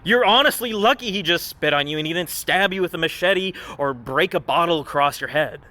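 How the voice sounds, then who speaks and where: A man's voice: a little high, fairly quick, bright, forceful tone, low-quality recording. A man giving mocking reaction commentary over a clip, sarcastic and scornful in tone.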